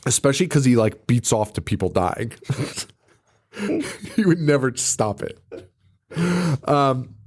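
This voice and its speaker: A man's voice: medium pitch, animated, measured pace, long pauses. A man co-hosting a podcast, casually recapping a horror film with lots of swearing and laughter. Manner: profane, laughing, acts out scenes in silly voices. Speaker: podcast co-host. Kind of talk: casual movie recap chat.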